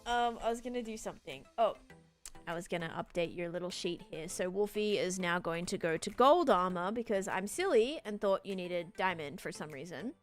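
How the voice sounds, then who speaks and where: A young woman from Sydney with a softened Australian accent, chatting casually and rambling while she streams a game and answers her chat. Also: lowish voice, animated, moderate pace, faint music behind.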